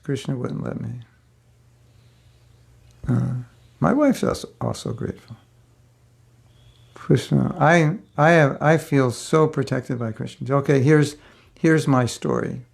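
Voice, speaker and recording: A man's voice: medium pitch, slow, gravelly, long pauses, a little mellow. An older man giving a spiritual class, telling a personal story in a rambling, conversational way with many fillers. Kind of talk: casual storytelling lecture.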